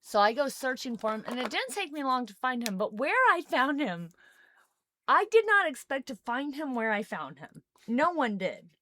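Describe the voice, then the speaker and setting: A young woman co-hosting a podcast, telling a family story in casual chat, animated and quick to laugh. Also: high voice. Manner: animated, laughs often, acts out quoted voices. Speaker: podcast co-host.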